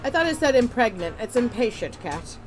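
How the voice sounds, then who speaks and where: High-pitched gamer girl chatting and joking over her gameplay, faint music behind. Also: sing-song, fairly quick. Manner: chatty, joking, swears casually. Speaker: gameplay streamer. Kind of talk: casual let's-play commentary.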